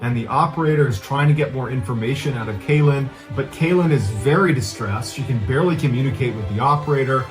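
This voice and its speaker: A man in the middle of his range retells a case in a relaxed, conversational manner, phrasing things loosely and earnestly. Faint music runs under his voice. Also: medium pitch, fast talker, few pauses. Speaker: true crime narrator. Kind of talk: conversational storytelling.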